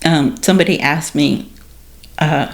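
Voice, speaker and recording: A low-pitched, middle-aged woman tells her story in a relaxed podcast conversation. She speaks candidly with a dark sense of humor and brings quoted exchanges to life with sudden jumps in pitch. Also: a little slow. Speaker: guest sharing her story.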